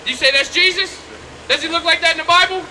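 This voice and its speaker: A man street preaching outdoors, loud and confrontational, firing rhetorical questions at passersby. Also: extremely high pitch, steady tone, fast talker. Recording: street noise behind.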